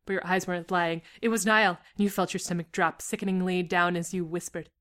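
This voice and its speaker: A woman's voice: fairly low pitch, fairly even intonation, fairly quick, a bit bright. A young woman co-hosting a show, reading aloud her own fan fiction with a storytelling lilt and giggly asides.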